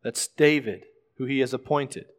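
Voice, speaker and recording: A male pastor preaching a sermon in a measured way, often repeating words as he explains scripture. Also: medium pitch. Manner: measured preaching with frequent word repetitions. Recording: long reverb of a large hall.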